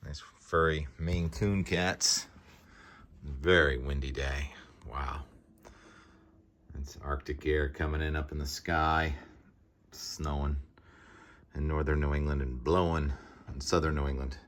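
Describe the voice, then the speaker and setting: A man's voice: a bass voice, fairly even intonation, takes it slowly, pauses often. A man who is a meteorologist, talking casually while walking his dog outdoors, narrating the sky and chatting to his pet. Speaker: meteorologist and vlog host. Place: outdoors on a windy coast. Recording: loud wind noise on the mic. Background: wind.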